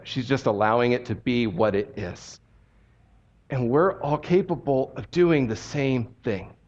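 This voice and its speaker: A male pastor preaching a sermon in an animated, conversational storytelling manner. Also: mid-range voice, highs cut off.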